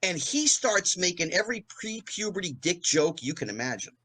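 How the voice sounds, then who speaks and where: A middle-aged man, a podcast guest, telling anecdotes in a lively way and acting out the voices of people he quotes. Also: sits high, moderate pace, poor audio. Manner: animated, acts out quoted voices. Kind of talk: anecdotal storytelling.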